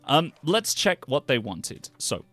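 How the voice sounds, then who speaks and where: A man's voice: medium pitch, big pitch swings, slow, fairly bright tone, no echo. Joking, chatty male streamer. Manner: joking, self-deprecating, chatty with viewers. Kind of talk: casual game-stream chat. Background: game music.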